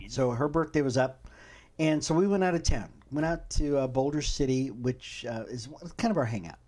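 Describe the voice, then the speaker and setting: A man's voice: medium pitch, normal speed, a little mellow. A middle-aged man hosting a podcast, chatting casually and telling stories with frequent laughs. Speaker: host.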